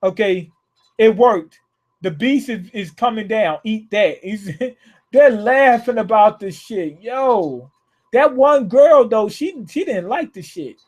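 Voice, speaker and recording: A man hosting a live manga reaction, reading panels aloud with restarts and cursing excitedly at what happens. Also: high voice, slow. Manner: profane, excitable, rereads lines aloud with many restarts.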